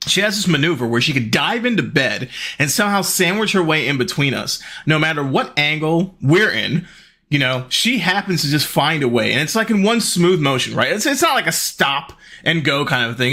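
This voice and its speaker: A man in his thirties chatting casually on a live stream, greeting viewers and laughing often. His voice is bright and ringing, pitched a touch high for a man. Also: sing-song, moderate pace.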